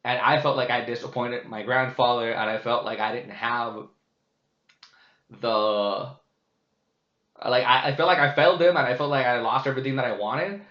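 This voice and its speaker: A man's voice: mid-range voice, moderate pace, a bit bright. A man hosting a casual vlogcast, talking in a candid, profane, rambling way, full of fillers and restarts. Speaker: vlogcast host. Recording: roomy, slightly dull sound.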